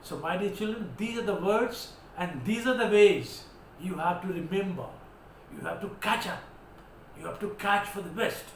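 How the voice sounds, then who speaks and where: In this vocabulary lesson, a forceful Indian instructor proclaims each word and spells it out one letter at a time. His voice is high and a little bright, at an ordinary pace. Faint noise and room echo fill the recording.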